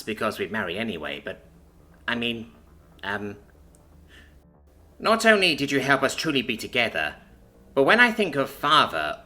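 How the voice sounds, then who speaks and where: A man's voice: medium pitch, bright, forceful tone, pitched above the performer's own voice. A man voicing a nervous sincere alien princess. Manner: hesitant, emotional, earnest. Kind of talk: audiobook character voice.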